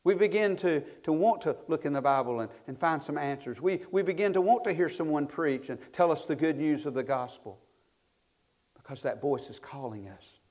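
A male pastor with a fairly high, darkish voice preaches at a moderate pace, reading scripture aloud in old-style wording. His emphatic delivery swells and then falls off at the end of each phrase.

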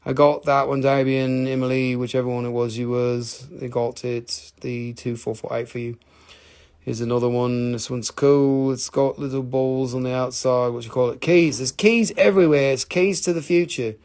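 A man with an Appalachian American accent hosting a casual live crystal sale, chatty and excitable, swearing and reading out buyer claims. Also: medium pitch, normal speed. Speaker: live-stream crystal seller.

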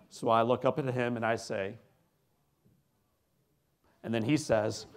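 An American man giving an inspirational storytelling speech, swinging between loud emphasis and hushed asides and asking the audience questions. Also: mid-range voice, unhurried, long pauses. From United States. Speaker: motivational keynote speaker.

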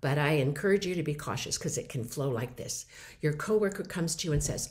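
A middle-aged woman giving a lively mini lecture on listening, acting out example replies. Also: deep voice, fairly quick.

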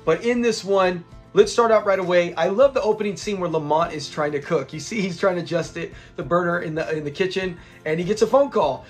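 A man hosting a casual episode breakdown, eager and rambling as he retells scenes. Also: high-pitched. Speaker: host of a classic sitcom review channel.

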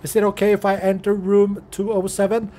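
A man's voice: high voice, little pitch movement, brisk, mellow. A young man who is not a native English speaker, casually commentating a horror game, joking and swearing and talking to the characters on screen. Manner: profane, jokey, talks to the game characters. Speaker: gaming channel host. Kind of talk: casual let's-play commentary.

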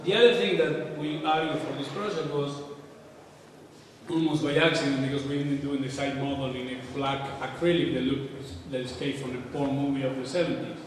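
A man's voice: medium pitch, fairly even intonation, moderate pace, distant mic, a little hiss or hum. A man giving an informal, irreverent architecture lecture, sometimes swearing, in a large lecture hall. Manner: casual, irreverent, occasionally swearing. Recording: echoey hall, voice from afar.

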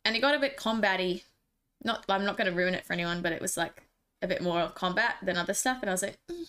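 A woman's voice: medium pitch, quick pace, fairly bright tone, clean tone. A young woman streamer chatting casually and jokily with her viewers. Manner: chatty, giggly, jokey. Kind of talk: casual live-stream chat.

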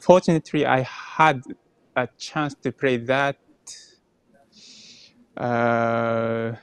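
A man from Japan answers interview questions. He speaks slowly and haltingly and searches for words. The sound is dry and close. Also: medium pitch, clear, resonant tone, dry recording. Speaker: guest pianist.

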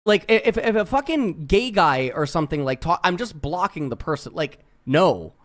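Young male streamer with a slightly high voice, blunt and swearing, reacting to chat logs. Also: expressive, moderate pace, a bit bright. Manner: profane, blunt, heavy use of "like". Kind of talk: casual stream commentary.

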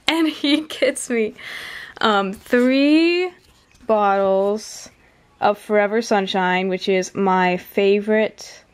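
A young woman vlogging to camera, chatty and rambling with many fillers, on the camera's own mic. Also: medium pitch. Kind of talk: casual chat to camera.

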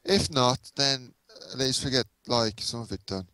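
A man's voice: medium pitch, normal speed, bright, forceful tone, clean tone, dry recording. A man chatting casually while playing a game, exclaiming and swearing mildly as he goes. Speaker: gamer co-host. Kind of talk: casual gameplay chat.

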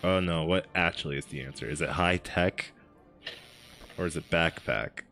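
A man streaming a game, chatting casually, laughing often and thinking out loud as he works through clues. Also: deep voice. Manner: laughs often, thinks aloud, spells words out slowly. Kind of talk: casual gameplay chat. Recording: faint game music behind.

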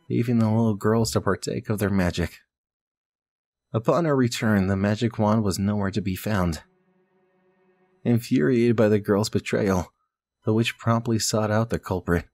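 Low-voiced, swearing gamer man. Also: steady tone, moderate pace, a little mellow, dry recording. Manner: reads story text aloud, breaks off with swearing and muttering to himself. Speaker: let's play gamer. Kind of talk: casual game commentary and reading aloud.

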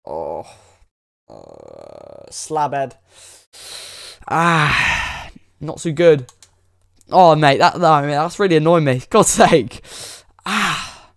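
Hyped-up young lad, highish voice. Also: male voice, measured pace, long pauses, smooth, no echo, clean studio sound. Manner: hyped, pleading, exclamatory, slangy. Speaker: gaming YouTuber. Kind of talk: excitable pack-opening commentary.

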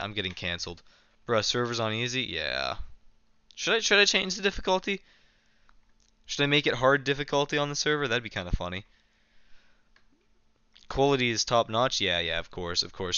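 A man's voice: lowish voice, bright, forceful tone, clear, resonant tone, dry recording, muffled recording. A young man casually live-streaming a game, chatting and reading his chat aloud with a self-mocking manner, keyboard clicks behind.

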